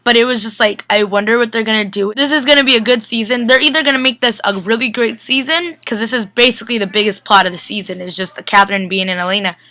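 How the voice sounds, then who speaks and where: A young woman gushing about a TV episode in a casual webcam vlog, chatty and excitable, full of "like" and "guys". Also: fairly high pitch, quick pace, few pauses. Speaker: TV recap vlogger. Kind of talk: casual chat.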